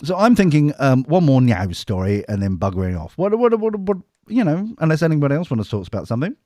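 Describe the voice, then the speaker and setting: A man's voice: a little high, big pitch swings, brisk, darkish tone, dry recording, studio quality. A man co-hosting a casual podcast, teasing his guest and laughing often. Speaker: podcast co-host. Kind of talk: casual banter.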